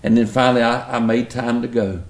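A man's voice: mid-range voice, steady tone, brisk, reverberant. A middle-aged man with a Southern US accent, preaching and telling stories in an earnest, folksy way. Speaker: pastor. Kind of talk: sermon storytelling.

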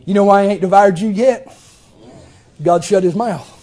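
A man's voice: high-pitched, moderate pace, warm tone. A man preaching a folksy sermon, telling the story with exclamations and chuckles.

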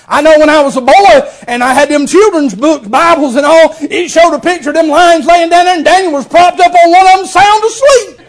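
A man preaching a folksy sermon, telling the story with exclamations and chuckles. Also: very high-pitched.

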